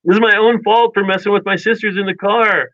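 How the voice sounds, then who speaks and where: A man casually telling childhood stories in a rambling, animated way, with many restarts and chuckles. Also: high-pitched, brisk, no echo. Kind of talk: casual storytelling chat. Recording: dull dry lo-fi sound.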